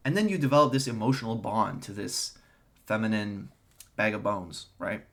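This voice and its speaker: A man's voice: on the low side, moderate pace, a bit bright. A young man talking to camera in an opinionated monologue, with a ranting, sarcastic and contemptuous tone. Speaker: online commentator.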